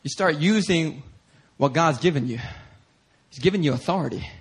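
A man pastor preaching a sermon through an animated story, acting out voices and bursting into shouts. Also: on the high side, normal speed, breathy edge.

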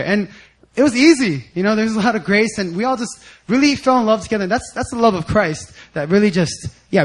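A man preaching a sermon with personal stories, animated, sometimes shouting out quotes and laughing as he tells them. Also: sits high, slightly rough, rough recording. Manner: animated storytelling, acts out quotes loudly and laughs. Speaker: guest speaker at a church service.

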